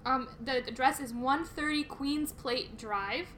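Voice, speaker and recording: A young woman co-hosting a relaxed podcast while eating, chatty and quick to giggle, with plenty of ums. Her voice is bright and forward and sits a touch high. A faint hiss of background noise runs under the studio sound. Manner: chatty, giggly, filler-heavy. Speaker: podcast co-host. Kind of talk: casual chat over a meal.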